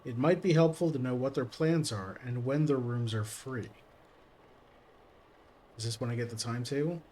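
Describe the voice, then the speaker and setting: A male streamer plays a game and reads its text aloud, adding casual joking asides. His voice sits at a middle pitch. A faint hiss runs underneath. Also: normal speed, a little mellow.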